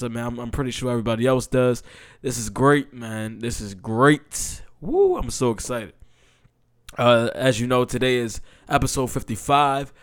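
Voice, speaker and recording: A young adult man hosting a casual football podcast, excitable and chatty, with loose talk full of fillers and restarts. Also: medium pitch, clear, resonant tone, no room sound, studio quality. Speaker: podcast host.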